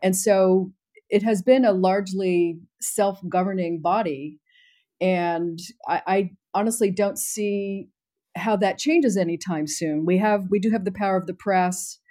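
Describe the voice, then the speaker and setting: Female panelist, mid pitch, mellow dark timbre, measured and analytical. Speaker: podcast panelist. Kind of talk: casual political commentary.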